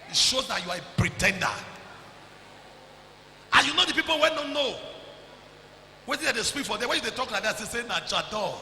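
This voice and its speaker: A man preaching a sermon as pastor, loud and emphatic, often shouting and slipping into Pidgin. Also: very high-pitched, lively intonation, a little fast, pauses often, reverberant, big-room sound, low-quality recording. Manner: preaching loudly with frequent shouts and Pidgin asides.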